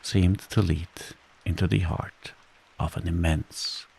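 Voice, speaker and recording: A man reading a bedtime story as scripted narration, soothing and unhurried. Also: deep voice, steady tone, creaky, darkish tone, slight background noise, low-quality recording.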